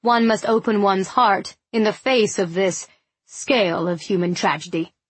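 A woman voicing a pompous middle-aged bachelor gentleman who speaks in a sententious way. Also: mid-range voice, a little slow, husky, dry recording.

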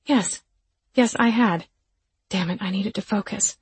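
A woman's voice: mid-range voice, unhurried, pauses often, breathy edge, no room sound. Wry woman narrating an audiobook. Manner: wry, sardonic storytelling. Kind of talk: first-person audiobook narration.

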